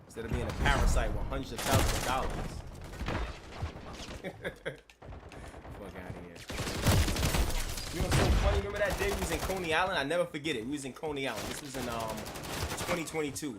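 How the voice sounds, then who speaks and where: A man's voice: medium pitch, lively intonation, fast talker, pauses often, very noisy. A man ranting and telling stories on a live stream, brash, mocking and laughing at his own jokes.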